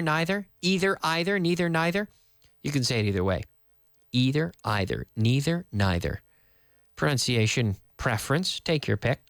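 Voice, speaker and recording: A man's voice: mid-range voice, no room sound. Guy running a radio english class, bouncy up-and-down voice, dry studio sound. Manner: lively, quizzing with questions and answers. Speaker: English teacher, radio host. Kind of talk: live English lesson.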